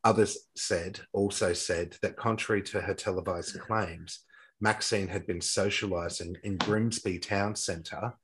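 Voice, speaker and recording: A man's voice: low-pitched, fairly even intonation, measured pace, fairly bright tone, breathy edge, rough recording. A man retelling a true crime case from notes in casual talk, stumbling and restarting often. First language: not English-accented, says his English accent is poor.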